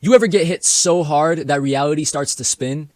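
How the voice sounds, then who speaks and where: A man's voice: fairly high pitch, moderate pace, darkish tone, no echo. A young man narrating a casual, self-mocking storytime with plenty of swearing. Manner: laid-back, self-mocking, profane.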